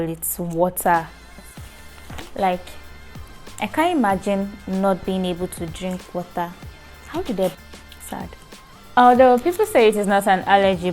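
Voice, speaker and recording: A young woman hosting her own vlog in a chatty, playful way, teasing her viewers. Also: mid-range voice. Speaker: show host. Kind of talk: casual vlog talk.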